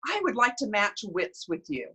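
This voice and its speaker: A woman's voice: mid-range voice, big pitch swings, normal speed, pushed and bright, slightly rough, exaggerated voice. A woman voicing an eager, fussy man on horseback in a told story, talking in a flustered, stammering way.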